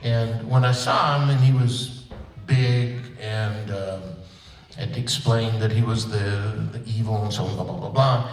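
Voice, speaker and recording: A man's voice: on the low side, fairly even intonation, a little slow. An older man, a voice actor on a convention panel, telling stories in a rambling, playful, self-deprecating way. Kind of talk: storytelling panel talk. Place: convention auditorium. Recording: echoey auditorium, distant mic.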